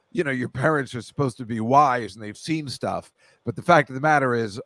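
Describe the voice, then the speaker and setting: A man's voice: fairly high pitch, a bit bright, no echo. Rambling jokey man, dry close sound. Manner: rambling, jokey, self-deprecating. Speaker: podcast host. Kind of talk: casual chat.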